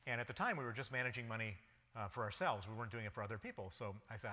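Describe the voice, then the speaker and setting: A man's voice: mid-range voice, expressive, very fast, pushed and bright. Man telling a story in a reverberant hall. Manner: vivid first-person anecdote in present tense. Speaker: guest lecturer. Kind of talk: public lecture, personal storytelling. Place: lecture hall. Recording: long reverb of a lecture hall.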